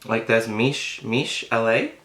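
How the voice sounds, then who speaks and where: A man's voice: medium pitch, slow pace, fairly bright tone. A young man chatting casually on a mukbang video as he eats, rambling with plenty of fillers and talking with his mouth full. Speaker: mukbang vlogger. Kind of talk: casual chat while eating. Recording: echoey room.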